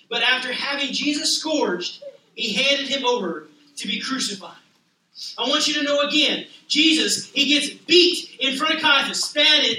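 A male pastor preaching a sermon with passion, rising to loud cries and dropping to hushed lines. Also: very high voice, a little hiss or hum. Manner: impassioned, swinging from loud to hushed. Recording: echoey room, voice a bit distant.

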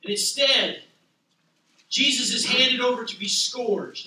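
High bright-voiced preacher in an echoey hall. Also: male voice, slow, long pauses. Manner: impassioned, swinging from loud to hushed. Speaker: pastor. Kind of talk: sermon. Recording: echoey room, voice a bit distant.

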